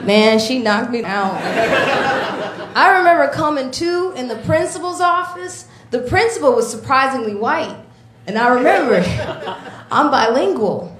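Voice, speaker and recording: Woman comic from chicago, dry self-mocking jokes, echoey club, loud crowd noise. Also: a little high, expressive, measured pace. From Chicago, USA. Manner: self-deprecating, wry storytelling. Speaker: stand-up comedian. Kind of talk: stand-up comedy. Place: live comedy club stage. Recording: echoey live room with loud audience.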